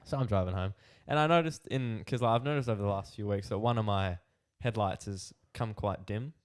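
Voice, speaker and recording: A man with an Australian accent, a podcast co-host telling a rambling, animated anecdote in casual chat. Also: on the low side, fairly quick, clear, resonant tone. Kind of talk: casual storytelling.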